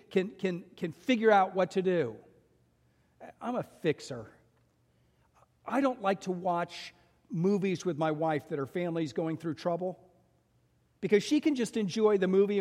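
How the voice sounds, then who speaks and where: Male pastor, fairly high voice, animated sermon delivery, echoing sanctuary sound. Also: normal speed. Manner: animated storytelling with voiced quotes.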